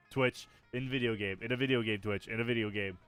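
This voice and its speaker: A man's voice: lowish voice, steady tone, a little fast, a bit bright, clean tone, soft background music. A man casually talking through a video game on a live stream, swearing and laughing now and then.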